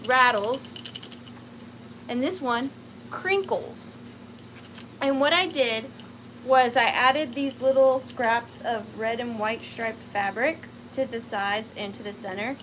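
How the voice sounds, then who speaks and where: A woman in her thirties with a Southern US accent, hosting a live vintage sale in a chatty, upbeat way with high squeals. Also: pushed and bright, slight background noise, poor audio. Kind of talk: casual live-stream selling chat.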